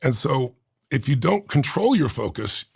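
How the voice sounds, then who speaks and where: A man's voice: medium pitch, big pitch swings, measured pace, creaky, husky, no echo, clean studio sound. A man, an interview guest, telling an emotional personal story and acting out remembered thoughts and dialogue. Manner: fillers and restarts, voice catches when moved.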